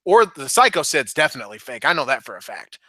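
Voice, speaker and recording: A young man co-hosting a podcast in casual, animated chat, swearing and laughing often. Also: mid-range voice, fast talker, dry recording. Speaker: podcast co-host.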